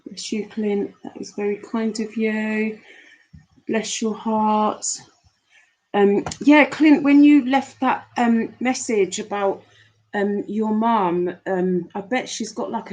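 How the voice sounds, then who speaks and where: A woman hosts a relaxed live stream, reading out viewers' messages. Her pace is slow and easygoing, her voice sits in an ordinary middle register, and she rambles fondly with lots of fillers. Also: medium pitch, rough recording. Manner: chatty, warm-hearted, rambling with fillers. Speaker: livestream host reading chat. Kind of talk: casual live chat.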